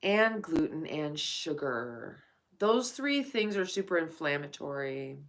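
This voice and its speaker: A woman's voice: low voice, very animated, slow. A woman live streaming at night, chatting casually with viewers and calling them honey and darling.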